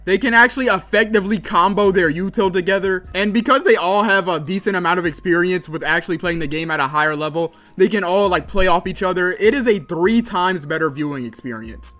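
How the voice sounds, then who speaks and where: High-voiced young man giving gaming commentary. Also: fast talker, hardly any pauses, bright, forceful tone. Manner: casual, with frequent fillers like "like" and "kinda". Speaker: gaming content creator. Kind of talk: commentary video essay.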